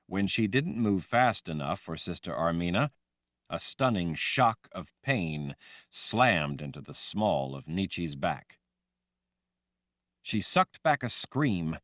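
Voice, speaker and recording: A man reading a fantasy audiobook aloud in a dramatic, expressive way. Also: low-pitched, slow, no echo, studio quality. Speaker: audiobook narrator. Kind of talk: scripted fantasy audiobook narration.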